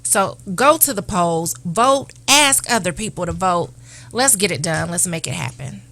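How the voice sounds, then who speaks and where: Female official guest, bright tone, earnest and urging. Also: fairly low pitch, animated, measured pace, dry recording. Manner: earnest, urging, repetitive calls to vote. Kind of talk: political appeal on talk show.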